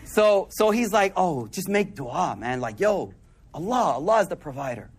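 A high-pitched man delivers a sermon as a casual story. He talks in an animated, street-casual way and often sinks into hushed, soft-spoken asides. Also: normal speed, a little hiss or hum. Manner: animated, conversational, drops into quiet soft asides. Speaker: preacher.

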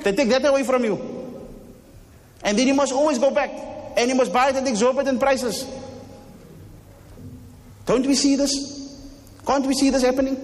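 A man with a South African accent delivering a Friday sermon in a mosque, impassioned and repeating rhetorical questions. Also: very high voice. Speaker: mosque preacher. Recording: long hall reverb.

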